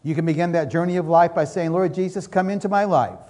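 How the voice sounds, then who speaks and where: A pastor delivers a sermon with fervent, repetitive emphasis. His voice sits a little higher than most men's. He slips into spoken prayers as he preaches. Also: fast, darkish tone.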